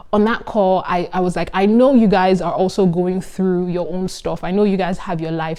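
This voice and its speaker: Mellow-voiced young woman vlogging warmly. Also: medium pitch, clear, resonant tone. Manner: animated, giggly, earnest. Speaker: vlogger, medical student. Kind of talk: casual vlog talk.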